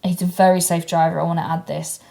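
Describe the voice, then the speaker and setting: A woman's voice: lowish voice, flat delivery, quick pace, vocal fry, dark tone. A woman, co-hosting a comedy podcast in casual chat and telling stories bluntly, with plenty of swearing. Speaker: podcast co-host.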